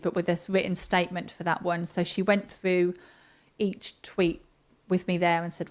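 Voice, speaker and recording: A woman's voice: lowish voice, fairly even intonation, normal speed. A woman casually recounting events as an interview guest, acting out what people said in quoted voices. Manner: chatty storytelling with quoted voices. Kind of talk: casual spoken recollection.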